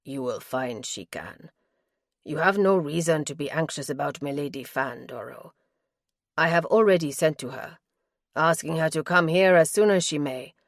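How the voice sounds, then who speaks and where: A calm, steady man speaks in a deep, soft, soothing voice, low and hushed, as a woman narrator puts him on. The audiobook delivery is slow and unhurried, with a dry, close sound. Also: dry recording. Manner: soothing, quiet.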